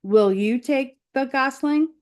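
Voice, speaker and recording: A woman's voice: sits high, slow, voice pushed up. A woman teacher voicing a friendly female robot in a children's read-aloud, speaking politely and formally.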